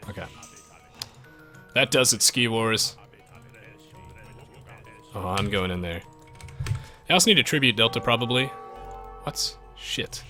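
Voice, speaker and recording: A man with a medium-pitched voice live-streams a strategy game at a measured pace, pausing often as he chats with viewers and reads their messages. He is lively and moves back and forth between the game and his audience. Soft music plays in the background.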